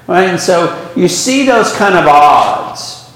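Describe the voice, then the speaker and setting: A man's voice: sits high, lively intonation, slow pace, fairly bright tone. A man teaching a Bible class, rambling with many fillers and restarts and pushing rhetorical questions up with emphasis. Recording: echoey hall with long reverb.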